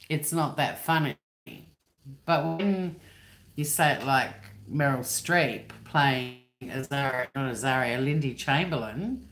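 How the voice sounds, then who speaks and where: Low-pitched yet fairly bright, this unhurried voice belongs to an Australian woman in her fifties livestreaming from her living room. She rambles in casual chat and swears freely, heard with roomy echo and slight background noise.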